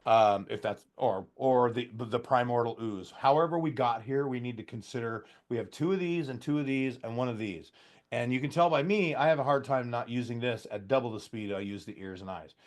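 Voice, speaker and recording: A man's voice: medium pitch, fairly quick. A man giving a loose, folksy training talk to contractors. He acts out bits of customer dialogue, and he has a slight cough. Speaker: trainer for heat pump contractors.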